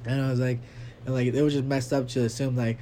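A man's voice: mid-range voice, fast talker. A young man co-hosting a casual podcast, telling stories loosely and acting out the other people in them. His voice sits in the middle range and jumps up when he gets worked up. There is faint background noise behind him. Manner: animated storyteller, acts out quotes loudly. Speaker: podcast co-host. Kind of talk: casual chat.

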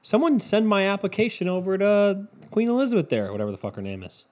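A man's voice: high-pitched, very animated, fast, a little mellow. A young man from the United States ranting casually, sarcastic and profane, mocking his topic.

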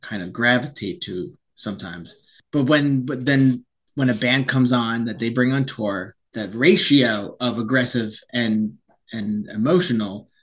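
A man's voice: medium pitch, unhurried, a bit bright. A man co-hosting a podcast in casual chat, rambling and often restarting his sentences. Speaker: podcast co-host.

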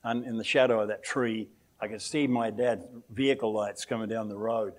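Older Australian preacher telling stories. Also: male voice, lowish voice, fairly even intonation, normal speed. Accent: Australian, softened by years in America. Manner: rambling storyteller, chuckles often. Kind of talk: anecdotal sermon. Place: church.

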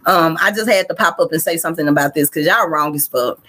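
A podcast host with a Southern US accent from Arkansas rants bluntly on a livestream, swearing a lot. Her voice is low-pitched, a bit bright, and fast.

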